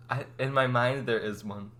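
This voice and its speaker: A man's voice: medium pitch, fairly even intonation, slow pace, fairly bright tone, a little hiss or hum. A young man co-hosting a podcast in casual chat, jokey and self-mocking, laughing often. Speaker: podcast co-host.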